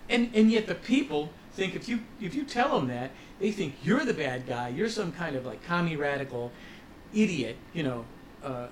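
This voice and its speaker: Impassioned cynical man, fairly high voice. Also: sing-song, moderate pace, slight background noise, poor audio. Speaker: musician guest. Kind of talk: radio interview.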